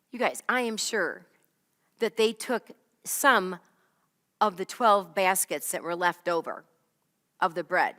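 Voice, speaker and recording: A woman's voice: fairly high pitch, fairly bright tone, long reverb tail. A woman teaching a Bible lesson in a conversational way, often checking in with "right?" and "okay?". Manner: chatty, keeps asking "right?" and "okay?".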